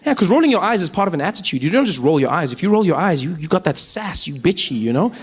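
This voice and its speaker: A young man with a South African accent doing stand-up comedy, animated and incredulous. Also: fairly high pitch, quick pace, husky.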